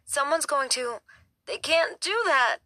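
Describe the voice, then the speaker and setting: Earnest, gentle woman, as the narrator plays her, bright, crisp tone. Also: high voice, expressive, slow pace, no room sound, clean studio sound, voice pushed up, heavily acted. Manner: gentle, anxious questioning. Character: caring, earnest adult woman.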